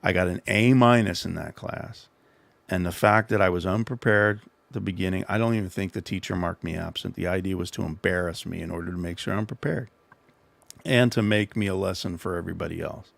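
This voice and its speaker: A man's voice: low voice, a little fast, creaky, no echo. A middle-aged man hosting a livestream, telling a rambling, self-deprecating story and giving casual advice. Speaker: livestream host.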